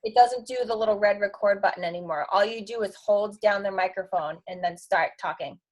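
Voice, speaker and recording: A woman on a team video call, helpfully explaining in a quick, animated way. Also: mid-range voice.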